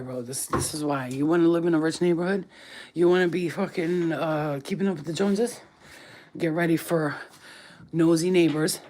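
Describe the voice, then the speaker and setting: A woman's voice: low voice, darkish tone, rough recording. Blunt, profane woman ranting at home. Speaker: vlogger. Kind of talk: casual rant to camera. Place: rented house, indoors.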